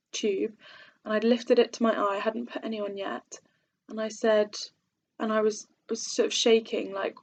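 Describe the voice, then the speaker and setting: Earnest young woman telling a story. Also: medium pitch. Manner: earnest, hesitant with many fillers. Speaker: vlogger. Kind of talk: personal faith story. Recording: dull lo-fi sound.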